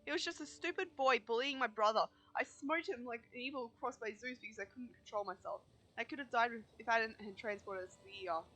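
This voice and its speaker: A woman's voice: fairly high pitch, quick pace, pushed and bright. A woman voicing a bitter young woman rider who feels overlooked, reading game dialogue aloud in a plaintive way. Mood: bitter, hurt.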